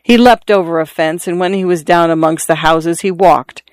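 A narrator reading a literary story aloud in a measured, even storytelling manner. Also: mid-range voice, no echo.

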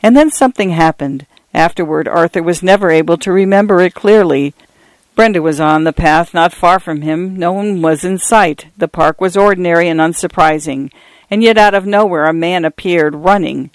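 A man reading a story aloud in a measured, even audiobook narration. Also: sits high, no room sound.

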